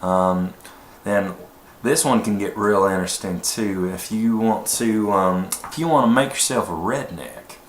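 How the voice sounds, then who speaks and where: A man's voice: fairly low pitch, a little slow, few pauses, lightly acted. A man voicing an easygoing blue-collar Southern man with a nasal twang. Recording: echoey room, faint noise.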